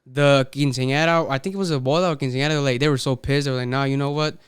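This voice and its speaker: A man speaking as a musician guest in a casual podcast chat, his voice very crisp and close-miked with no room sound. He talks haltingly, restarting his words and drifting between English and Spanish. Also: medium pitch, no echo.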